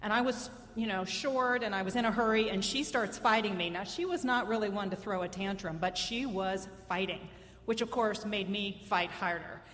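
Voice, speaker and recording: A woman's voice: mid-range voice, normal speed, a bit bright, long reverb tail. A woman in her fifties telling a personal story live on stage, conversational, wry and self-mocking.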